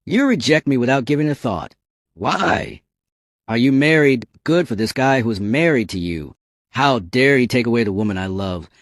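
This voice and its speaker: Man voicing a bratty ghost boy-king, petulant, lively pitch, dry close sound. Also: moderate pace, dry recording, close to an everyday voice. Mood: smitten. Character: boastful ghost boy-king, childish and lovestruck.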